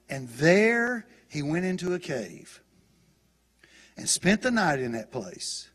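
A middle-aged man preaching from the pulpit of a church, his voice a little husky and pitched somewhat high. He talks to the congregation as if chatting, and he often stumbles, restarts and repeats words. It is a conversational sermon. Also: sing-song, a little slow, fairly bright tone. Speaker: pastor. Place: church sanctuary.

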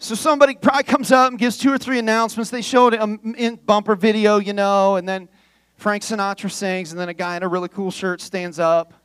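A man with a high, light voice preaching a sermon as a guest pastor. He tells the story with humor and slips into the voices of the characters he describes. The sound is dry and close, with no room around it. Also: flat delivery, fairly quick, a bit bright, clear, resonant tone, no room sound.

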